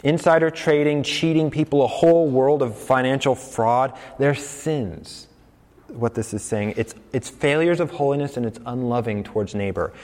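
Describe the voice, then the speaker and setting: A man from the United States preaching a sermon in a conversational, animated way. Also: medium pitch, normal speed, long reverb tail. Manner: conversational and animated, acting out quoted voices. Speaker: pastor.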